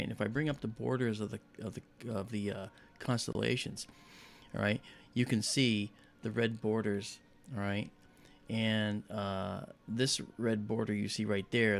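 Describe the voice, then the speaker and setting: Man, livestream host, gravelly voice, rambling casual chat, soft music behind. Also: on the low side. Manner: rambling, friendly, many fillers, greets viewers.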